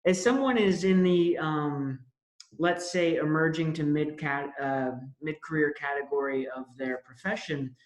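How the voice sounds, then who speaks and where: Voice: mid-range voice, measured pace, reverberant. A webinar host on a video call, moderating questions and closing the session politely with many small fillers.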